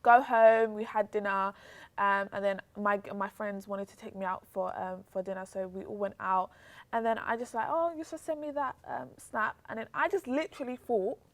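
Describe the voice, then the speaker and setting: A young British woman, a guest telling a story in casual chat, acting out the voices of the people she quotes. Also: moderate pace. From Britain. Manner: animated, acts out quotes with pitch jumps. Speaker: interview guest.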